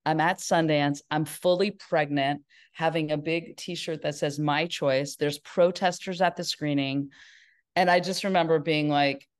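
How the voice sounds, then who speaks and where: A woman's voice: low voice, fairly even intonation, unhurried. A middle-aged woman from Northern California, a filmmaker guest in an interview, telling her story in a rambling way with many restarts.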